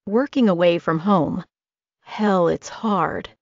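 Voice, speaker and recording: A woman reading an audiobook voices a tender, caring young man who talks in a soft, confiding way. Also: fairly low pitch, takes it slowly, creaky, dry recording, exaggerated voice. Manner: gentle, hushed and confiding. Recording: dull lo-fi dry recording.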